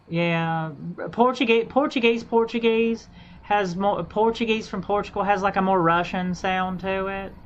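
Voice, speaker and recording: A woman streamer chatting casually while gaming, halting and repeating herself as she thinks aloud, on a dull lo-fi mic. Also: on the low side, fairly bright tone. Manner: halting, repeats and restarts phrases.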